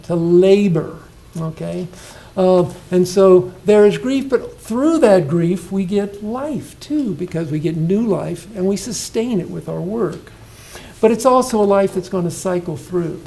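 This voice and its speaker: A man's voice: high voice, vocal fry, mellow, a little hiss or hum, poor audio. A man in his sixties, a retiring professor giving an informal poetry lecture at an indoor reception, often asking his listeners questions and restarting his sentences.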